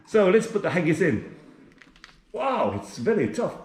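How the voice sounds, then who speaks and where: A man's voice: sits high, very animated, unhurried, darkish tone, reverberant. A man from England chatting casually to his viewers while he cooks on the hob at home, with food sizzling in the pan. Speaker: cooking vlogger. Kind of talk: casual cooking vlog. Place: home kitchen. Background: frying and sizzling from the hob.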